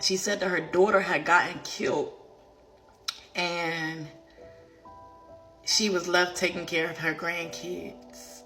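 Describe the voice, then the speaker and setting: A woman and life coach sharing a personal faith testimony, speaking in an animated, conversational way and near tears at times. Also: on the low side, takes it slowly, pauses often, faint music behind.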